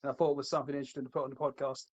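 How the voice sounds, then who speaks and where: A British man co-hosting a casual podcast, chatting and joking with animated banter and frequent laughter. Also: medium pitch, rapid-fire, lo-fi sound. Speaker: podcast co-host. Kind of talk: casual chat.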